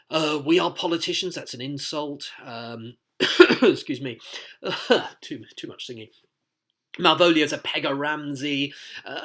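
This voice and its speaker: A man's voice: medium pitch, bright, forceful tone. A man teaching a play, explaining it line by line in a chatty way, with asides and quoted lines read aloud. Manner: reads quoted lines aloud in voices and sings snatches. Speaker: literature teacher.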